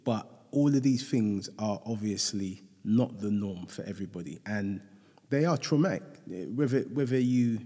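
A man hosting an interview, reflecting thoughtfully and haltingly on what his guest said. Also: fairly low pitch, warm tone, in a large hall. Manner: thoughtful, halting, with many restarts. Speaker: podcast host.

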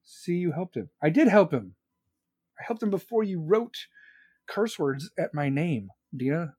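A man's voice: on the high side, expressive, unhurried, darkish tone, breathy edge, dry recording. A man hosting a podcast, riffing casually on the live chat with crude jokes and swearing. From United States. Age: adult, still working. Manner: profane, joking, rambling banter.

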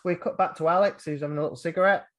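A man's voice: on the high side, fairly even intonation, racing, a bit bright. Guy hosting a movie podcast, rambly, lots of ums, does little voices for quotes. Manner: rambling, with fillers and acted-out quotes. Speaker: podcast host. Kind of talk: casual film chat.

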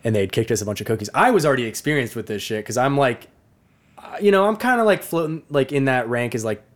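A young man co-hosting a podcast, telling a profane, animated story and laughing often. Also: mid-range voice, quick pace. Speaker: podcast co-host. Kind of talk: casual storytelling chat.

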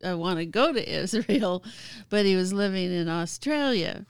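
A woman recounts her own story in easy conversation, often stopping on fillers and laughing between phrases. Her voice is smooth and clear, and the recording is dry and close. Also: medium pitch, lively intonation, normal speed, no echo. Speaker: guest. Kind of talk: casual storytelling.

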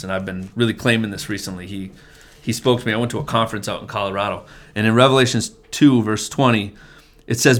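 A middle-aged man, a family pastor, earnestly telling his testimony in casual conversation, often restarting and repeating words. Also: lowish voice. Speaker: family pastor, men's group leader.

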